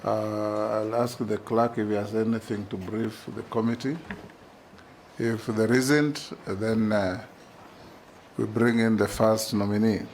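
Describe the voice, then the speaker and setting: A man chairing a formal parliamentary hearing, speaking in a measured, deliberate and officious way into a desk microphone in a committee room. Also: fairly low pitch, fairly even intonation, darkish tone, slight background noise.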